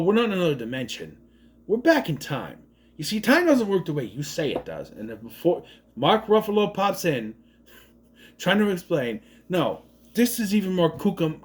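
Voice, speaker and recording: Guy ranting about a movie, kinda high voice, bouncy and sarcastic, trips over words a lot. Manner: rambling, sarcastic, swears, frequent restarts. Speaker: movie reviewer. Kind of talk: casual spoken movie review.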